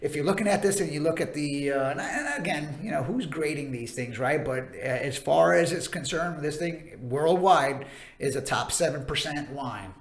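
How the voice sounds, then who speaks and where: Chatty guy, kinda gravelly, highish voice, laughs a lot, echoey room. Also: moderate pace. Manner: chatty, laughing, many fillers. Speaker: co-host, wine presenter. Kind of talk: casual chat.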